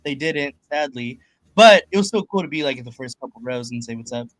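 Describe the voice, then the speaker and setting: A man's voice: mid-range voice, animated, a little fast, fairly bright tone. A man chatting casually and profanely on a sports podcast. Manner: laid-back, profane. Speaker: podcast co-host.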